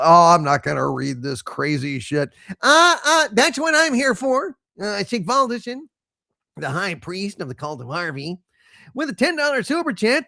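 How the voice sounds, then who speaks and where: Guy hosting a live stream reading super chats, kinda high voice with some fry, goes all over the place, rambly. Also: sharp tone, dry recording, clean studio sound. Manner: mock-grand salutes to viewers; loose and rambling, many fillers. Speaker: show host reading viewer super chats. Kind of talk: casual live-stream chat.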